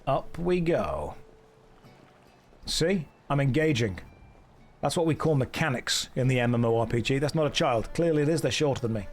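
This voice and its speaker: A young man chats through a game live on stream, cracking dry, sarcastic jokes as he plays. His voice sits at an ordinary middle pitch for a man. Faint music runs quietly behind him. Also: lively intonation, normal speed. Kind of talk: casual live game commentary. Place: warm indoor room.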